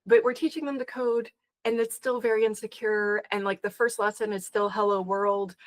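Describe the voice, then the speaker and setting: A woman guest on a podcast, telling stories with lots of quoted back-and-forth and a frustrated, animated edge. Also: a little high, brisk, no echo, low-quality recording. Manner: animated, exasperated storytelling with quoted dialogue. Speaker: podcast guest, security educator. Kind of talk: conversational interview.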